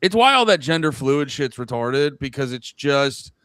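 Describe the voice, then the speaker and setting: A man's voice: medium pitch, sing-song, normal speed, fairly bright tone, dry recording. A man co-hosting a podcast in crude casual banter, rambling and restarting often. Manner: rambling, restarts often, quotes others in mock voices. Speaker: podcast co-host.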